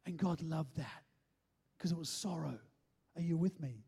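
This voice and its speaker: Mellow and slightly rough with vocal fry, this pastor's mid-range voice moves at a normal speed. His sermon is emphatic, hitting every point and repeatedly checking that listeners are keeping up.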